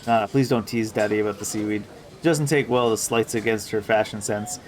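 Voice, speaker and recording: A man's voice: fairly low pitch, fairly even intonation, brisk, slight background noise, pitched below the performer's own voice, natural voice. A man reading the lines of a fussy, polite male manager in a video game, in a formal, eager-to-please manner.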